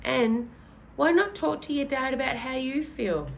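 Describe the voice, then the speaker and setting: A woman voicing a kindly, gentlemanly old male tramp who talks in a polite, old-fashioned, fatherly way. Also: sits high, measured pace, creaky, slight background noise, voice pushed up. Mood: gentle.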